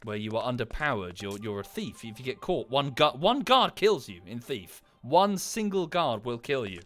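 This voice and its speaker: A man's voice: mid-range voice, very animated, normal speed, a bit bright. A man with a British accent chatting casually on a livestream while playing a game, rambling with enthusiasm and swearing freely. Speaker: streamer.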